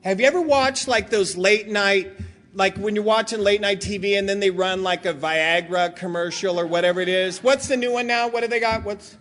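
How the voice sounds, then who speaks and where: High, bright-voiced joking man. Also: normal speed. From Southern California. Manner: loose, joking, rambling with asides. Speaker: guest speaker. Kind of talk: comic storytelling talk.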